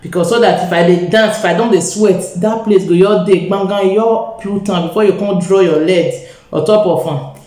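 A woman's voice: fairly low pitch, steady tone, fairly quick, warm tone, roomy sound, rough recording. A woman with a Nigerian accent gives a live makeup tutorial, talking straight to her viewers and mixing Pidgin into her English. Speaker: beauty vlogger.

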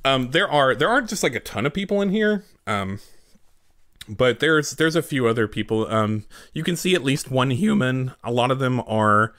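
A man's voice: mid-range voice, animated, normal speed, a bit bright, dry recording, clean studio sound. A man narrating as game master in a tabletop role-play, with many fillers and restarts. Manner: hesitant, filler-heavy narration.

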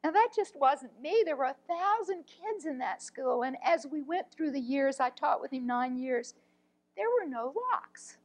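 A woman, an art teacher, telling a personal story in an earnest, heartfelt way, often speaking softly. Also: sits high, expressive, a little slow, poor audio.

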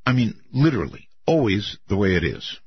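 Low, husky older radio host. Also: male voice, dry recording. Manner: musing, drawn-out, lively pitch swings. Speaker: radio talk show host. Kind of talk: late-night call-in radio. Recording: muffled dry radio broadcast.

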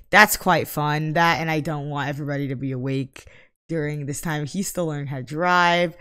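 Bright-voiced woman narrating her gameplay. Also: sits low, steady tone, normal speed. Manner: chatty, exclaiming, mock-exasperated at her characters. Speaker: gameplay commentator. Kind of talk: casual let's-play commentary.

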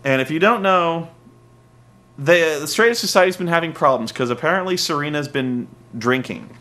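A man's voice: fairly high pitch, animated, moderate pace, sharp tone. A man giving a casual, sarcastic comedy recap of a wrestling show, ranting and poking fun. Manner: sarcastic, ranting, mocks wrestlers with silly voices.

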